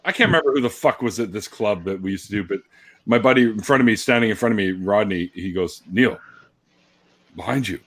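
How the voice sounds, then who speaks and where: A middle-aged man hosting a casual online chat, telling lively stories, laughing often and swearing freely. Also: on the low side, a little fast, no room sound. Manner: animated, laughing storyteller who swears freely. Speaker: host.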